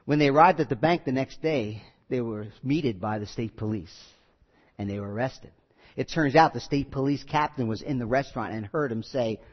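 A man preaching a sermon, telling stories with quoted voices and lively asides. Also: medium pitch, normal speed. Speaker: pastor. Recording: muffled audio with long hall reverb.

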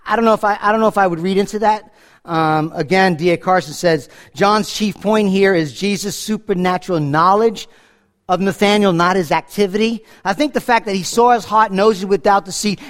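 A middle-aged man from New York preaching a conversational Bible-teaching sermon, acting out the scripture dialogue. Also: high voice. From New York, USA. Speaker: pastor.

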